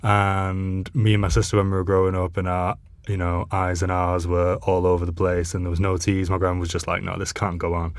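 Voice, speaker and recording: A young man with a mild Salford accent, co-hosting a podcast. His voice is fairly low, and he tells stories in a chatty way, full of "like"s. The recording is dry. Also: monotone, a little fast, dry recording. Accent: mild Salford, mostly unlearned. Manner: chatty storyteller, with many "like"s. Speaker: journalist, podcast co-host. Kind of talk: casual chat.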